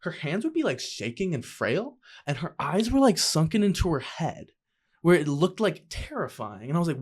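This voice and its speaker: A young man, a podcast guest, telling a personal story in a casual, profane, slangy way, animated and acting out other people's voices. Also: fairly high pitch, moderate pace, breathy edge.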